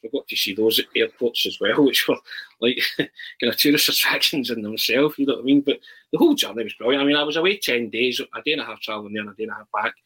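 Husky, forceful man telling stories. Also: medium pitch, fast talker, low-quality recording. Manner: animated storyteller, frequent restarts. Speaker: guest. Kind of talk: casual chat.

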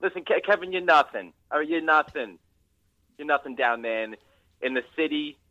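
A man's voice: a little high, animated, normal speed, sharp tone, no room sound. A man doing a taunting caller on a dull line. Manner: blunt, taunting, stammering restarts. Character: brash Boston man calling his mom.

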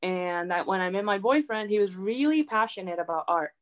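A young woman as an interview guest, chatting in a lively way, acting out quotes and saying "like" a lot. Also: mid-range voice, a little fast, rough recording. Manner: chatty, animated, acts out quotes, says "like" often. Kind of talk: casual storytelling.

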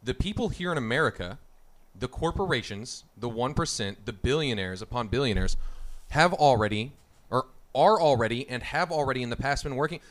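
Man, mid-pitched voice, blunt emphatic arguing, casual podcast. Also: lively intonation, a little fast. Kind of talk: casual debate chat.

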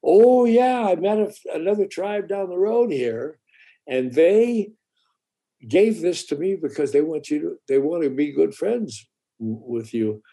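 A man's voice: a little high, lively intonation, unhurried, gravelly, dark tone, pitched above the performer's own voice, exaggerated voice. A man voicing a bold, curious young village boy who marvels at everything he finds. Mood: eager. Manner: wide-eyed, marveling.

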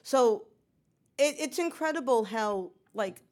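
A woman interviewer in casual conversation, responding warmly and emotionally to her guest. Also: a little high, lively intonation, takes it slowly.

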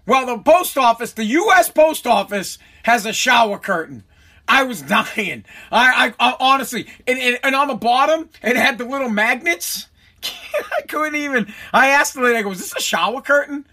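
High, bright-voiced man ranting animatedly. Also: normal speed. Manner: animated ranting, swearing, laughing at himself. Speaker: podcast host. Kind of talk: casual solo podcast rant. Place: home basement.

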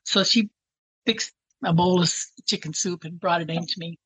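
A woman with a husky voice telling a personal story in a rambling way, full of fillers and restarts. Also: fairly low pitch, moderate pace, fairly bright tone, no echo, low-quality recording. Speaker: interviewee.

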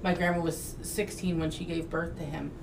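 A woman's voice: deep voice, fairly even intonation, normal speed, echoey room, far from the mic. A woman guest speaks earnestly, telling personal stories in a casual political chat. Her voice sits a bit back from the mic, with a faint hiss underneath. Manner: earnest, storytelling.

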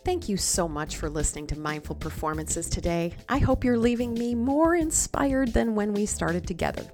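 Gravelly-voiced woman hosting a mindfulness show. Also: mid-range voice, expressive, faint music behind. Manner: slow soothing guidance, dips to soft whispers. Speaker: podcast host, mindfulness coach and comedian. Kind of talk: guided meditation and comedy bit.

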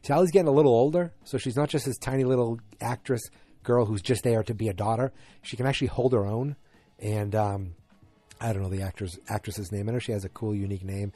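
A man casually recapping a TV episode, rambling with ums and self-corrections, now and then breaking into animated mock anger. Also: on the low side.

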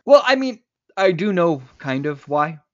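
Man, higher-pitched voice, podcast co-host, retells scenes with frequent laughs, dull lo-fi audio. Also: big pitch swings, a little slow. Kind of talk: casual movie-discussion podcast.

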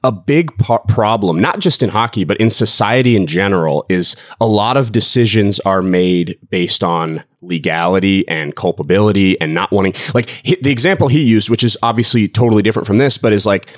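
A man speaking as a panelist in a discussion, talking in a measured, reflective way. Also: lowish voice, no echo, clean studio sound.

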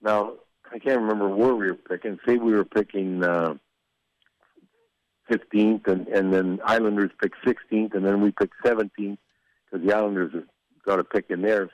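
Older guy, lowish voice, rambles and restarts telling old stories, dull dry audio. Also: steady tone, normal speed, no room sound. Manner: rambling, with frequent restarts and chuckles. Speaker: former hockey executive telling stories. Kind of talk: casual storytelling interview.

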